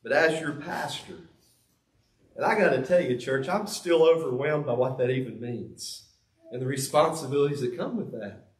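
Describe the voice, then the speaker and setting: A man's voice: medium pitch, normal speed. A man pastor preaching a sermon, earnest and confessional, stressing key words by repeating them. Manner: confessional, earnest, with emphatic repetition. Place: church sanctuary. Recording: echoey church sanctuary.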